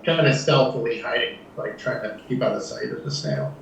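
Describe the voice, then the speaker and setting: A man's voice: mid-range voice, sing-song, normal speed, dull audio, slight background noise. Man, tabletop player, polite, rambling, distant, roomy echo. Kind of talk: casual tabletop play. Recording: roomy, distant home recording.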